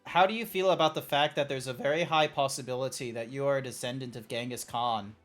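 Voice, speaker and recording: A man's voice: medium pitch, fairly even intonation, fast, a bit bright, faint music behind. A man streaming a game, chatting casually and rambling through joking tangents. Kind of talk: casual live-stream chat.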